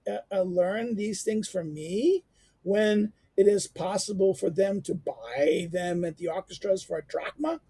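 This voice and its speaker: A man lecturing on a classic text, reading passages aloud and explaining them, halting with fillers and restarts and turning animated when he quotes. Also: breathy edge, no room sound. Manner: jumps into animated pitch when quoting.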